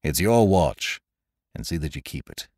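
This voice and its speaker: A man voicing a stern, shrewd ship's captain who gives curt, hushed orders in a storybook reading. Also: big pitch swings, unhurried, dry recording, clean studio sound, full character voice. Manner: commanding, curt, low and hushed.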